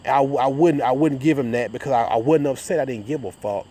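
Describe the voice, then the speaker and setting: A man's voice: medium pitch, a little fast, dark tone. A man ranting casually to his viewers, profane and rambling, often stammering and restarting his sentences. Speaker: vlogger.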